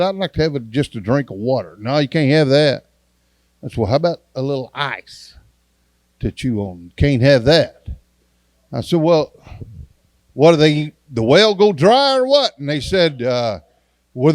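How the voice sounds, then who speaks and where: A man's voice: fairly high pitch, no room sound. A man, an evangelist giving a testimony sermon in a church and acting out the dialogue in his story in a folksy way.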